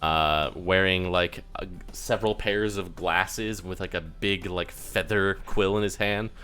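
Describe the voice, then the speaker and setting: A man narrates a tabletop game as game master, describing each scene in a loose, rambling way with plenty of filler words. His voice is bright and forward, with faint music behind. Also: low voice, fairly even intonation, a little slow, smooth.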